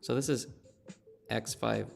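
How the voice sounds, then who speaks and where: A man's voice: mid-range voice, steady tone, slow, creaky, faint music behind. A man in his thirties chatting casually on a game live stream, telling a story and laughing at himself. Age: 30s.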